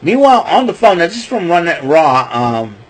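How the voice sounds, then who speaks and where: Male podcast host, husky voice, casual rambling wrestling recap. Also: a little high, big pitch swings, a little fast, rough recording. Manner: rambling, loose retelling with fillers and restarts.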